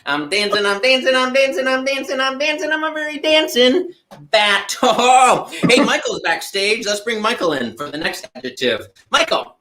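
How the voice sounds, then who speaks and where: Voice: mid-range voice, noisy background, lightly acted. A performer voicing a silly, playful puppet who hosts a kids' show and sings bouncy, giggly word games. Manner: bouncy, giggly, sing-song.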